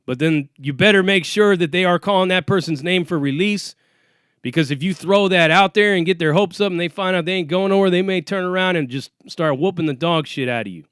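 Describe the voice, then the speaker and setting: A man's voice: high voice, brisk, fairly bright tone, clear, resonant tone, no echo, clean studio sound. A man telling a story about his time in jail in a casual, profane, streetwise way, acting out what people said. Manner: profane, streetwise, acts out quoted dialogue. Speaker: former inmate telling prison stories.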